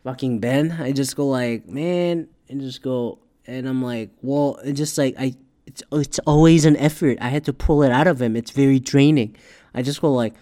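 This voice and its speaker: A man hosting a casual talk show, ranting in a rambling, profane way and growing loud and worked up. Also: mid-range voice, moderate pace.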